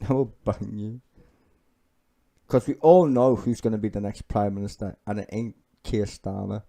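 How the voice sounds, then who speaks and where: Brief: male streamer, low gravelly voice, profane and sardonic, ranting about politics. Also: brisk, warm tone. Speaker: live streamer.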